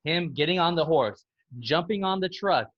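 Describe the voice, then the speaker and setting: A man's voice: a little high, expressive, normal speed, no echo, muffled recording. A man co-hosting a casual film podcast, eagerly retelling movie scenes and acting out their lines. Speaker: podcast co-host.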